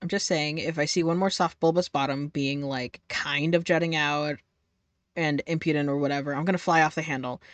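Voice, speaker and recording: A woman's voice: low-pitched, fairly even intonation, a little fast, no room sound. A young adult woman streaming a game live, reading its text aloud in a profane, playful way.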